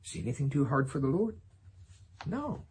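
A man preaching a sermon in a lively way, laughing often and acting out quoted voices. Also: medium pitch, moderate pace, a little hiss or hum.

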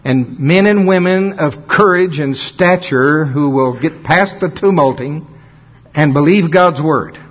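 A man preaching a folksy sermon, often laughing and slowing down for dramatic emphasis. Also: a little high. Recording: dull lo-fi sound.

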